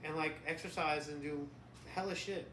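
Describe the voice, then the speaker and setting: Middle-aged man, podcast co-host, casual joking chat, very bright voice, echoey room, faint noise. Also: on the high side, fairly even intonation, moderate pace. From New York. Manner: joking, laughs often, profane.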